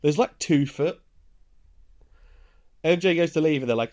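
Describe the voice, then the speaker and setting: A man's voice: fairly high pitch, a little slow, darkish tone. A man, casually recounting a film's plot scene by scene on a podcast, chuckling as he goes. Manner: laid-back storytelling, chuckles while recounting scenes. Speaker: podcast co-host. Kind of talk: casual film recap.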